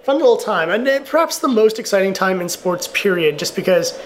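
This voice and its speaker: A man's voice: sits high, animated, brisk, slight background noise. A man co-hosting a casual sports chat, rambling and laughing often as he talks over a live game. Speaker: podcast co-host.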